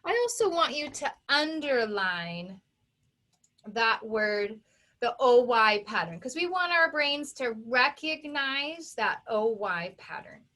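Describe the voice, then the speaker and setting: A woman's voice: a little high, very animated, bright, forceful tone. A woman teacher giving a recorded phonics lesson to children, talking them through each step with patient, careful pronunciation of each sound. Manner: patient, deliberate enunciation of sounds; gives step-by-step instructions to young pupils.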